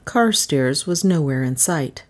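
A woman narrating a story with a low-set voice that still swoops and bounds through each sentence. Her reading is expressive and animated, in steady storybook narration. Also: a little slow. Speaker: audiobook narrator.

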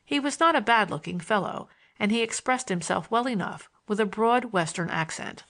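A woman reads a first-person novel aloud at a measured, steady pace. Her voice sits in a middle pitch and stays even from line to line. The reading is plain storytelling with no put-on voice. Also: creaky. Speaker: audiobook narrator.

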